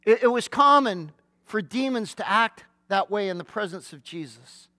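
A man preaching a sermon, telling a scripture story vividly with dramatic pauses and asking his listeners earnest rhetorical questions. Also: high voice, animated, pushed and bright, no room sound, studio quality. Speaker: pastor.

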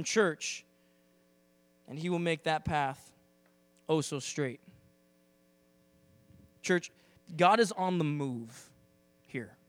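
Male pastor, sermon delivery. Voice sits high for a man, lively and conversational, with dry close-miked sound and a low mains hum behind. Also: clear, resonant tone, dry recording. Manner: animated, conversational preaching with acted-out asides.

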